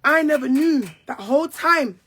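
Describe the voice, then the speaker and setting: A woman's voice: high voice, expressive, normal speed, sharp tone. A young woman, speaking in a heated, repetitive, confrontational monologue. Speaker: reality show cast member. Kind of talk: angry monologue to camera.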